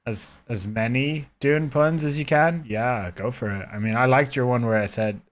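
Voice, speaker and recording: A man's voice: mid-range voice, moderate pace. A man streaming a game live from his own room, rambling casually and chatting with his viewers. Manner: rambling, chatty, talking to chat.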